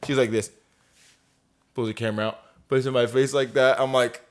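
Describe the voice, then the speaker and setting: A man's voice: medium pitch, fast. A man co-hosting a podcast, telling a story in casual chat, swearing a lot and acting out the people he quotes. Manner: animated, swears a lot, acts out quoted voices. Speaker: podcast co-host.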